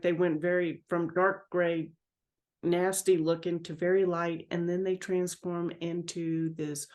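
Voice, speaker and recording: A woman's voice: fairly low pitch, darkish tone. Woman recounting a meditation vision. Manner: rambling, filler-heavy storytelling. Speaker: participant.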